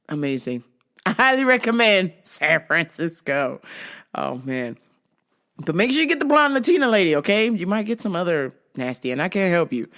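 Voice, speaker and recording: A woman's voice: on the low side, fairly bright tone. A woman hosting her own show, telling a story casually, laughing often and acting out what people said. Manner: laughs often, acts out quotes. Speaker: podcast host.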